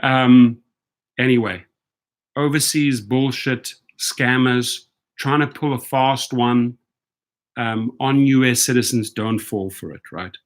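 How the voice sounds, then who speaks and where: A man's voice: mid-range voice, slow. A man hosting a casual livestream, talking emphatically and asking rhetorical questions. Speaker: rideshare channel host.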